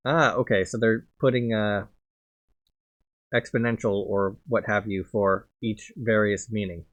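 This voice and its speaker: A man's voice: lowish voice, fairly even intonation, measured pace. A man doing casual let's play commentary, thinking aloud and muttering as he plays a video game.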